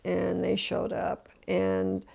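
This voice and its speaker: Speaking slowly in a dark, monotone, medium-pitched voice with vocal fry, an older woman recounts her story for an oral history interview. She gets emotional, restarts often, and voices the people she quotes.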